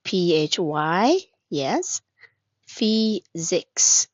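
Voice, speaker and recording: Slow-talking teacher woman, dry lo-fi sound. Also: lowish voice, big pitch swings, no room sound. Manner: patient, asks questions then praises, glosses words in Vietnamese. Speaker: English teacher. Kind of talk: classroom lesson, spelling out words.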